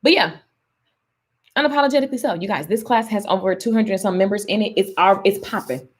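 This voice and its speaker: A woman's voice: medium pitch, fast talker, breathy edge. A woman hosting a casual live stream from her phone, upbeat and chatty, hyping up her viewers and greeting commenters by name. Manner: chatty, with fillers and restarts. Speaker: online business coach hosting a live stream.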